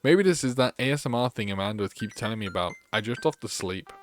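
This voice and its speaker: A man's voice: lowish voice, expressive, fast, over music. A man streaming a game, reading its text aloud and chatting with his viewers. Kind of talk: gaming livestream chat.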